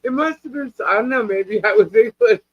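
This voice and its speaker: A woman's voice: fairly high pitch, a little fast, husky, no room sound, muffled recording. A woman co-hosting a casual live-stream chat, laughing often as she talks.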